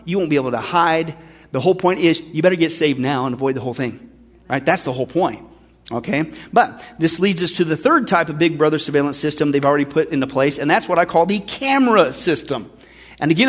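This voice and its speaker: A pastor delivers a sermon in a fairly high voice for a man. He preaches emphatically, driving points home with repetition and frequent "okay?" and "right?" asides to the congregation. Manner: addresses listeners as folks.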